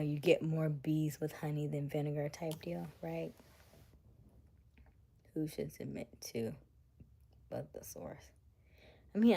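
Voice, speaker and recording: A woman with a low, husky voice hosts a casual livestream, musing aloud in a chatty way. Her tone is dark and mellow. Now and then she drops to a soft near-whisper to read comments aloud. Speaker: livestream host.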